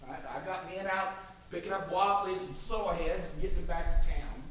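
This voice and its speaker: An actor playing a brash, domineering state governor, swaggering and coarse, on an echoey stage recorded from afar. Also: male voice, sits high, normal speed, a bit bright. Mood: forceful. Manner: swaggering, boisterous, coarse and persuasive. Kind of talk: stage play acting. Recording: echoey stage miked from far, faint noise.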